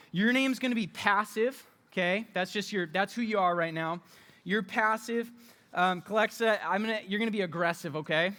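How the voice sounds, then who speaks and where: A youth pastor leading an interactive youth group session. The voice is bright and playful. They coach volunteers through a skit with easy humor. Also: medium pitch.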